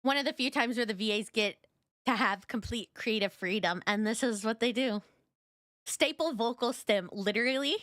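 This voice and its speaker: Bright, giggly woman streamer. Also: fairly high pitch, moderate pace, no echo, studio quality. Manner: giggly, rambling, lots of "like". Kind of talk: casual reaction chat.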